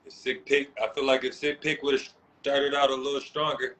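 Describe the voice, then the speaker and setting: Bright-toned laid-back co-host. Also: male voice, mid-range voice, flat delivery, moderate pace, a little hiss or hum, poor audio. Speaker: co-host reviewing battles. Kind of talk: casual chat.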